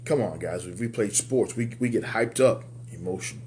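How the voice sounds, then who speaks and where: A man coaching other men in a motivational talk. He speaks emphatically like a preacher, repeats key words for effect, and jumps up in pitch on his punch lines. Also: normal speed, a little mellow, slight background noise. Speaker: men's life coach and show host.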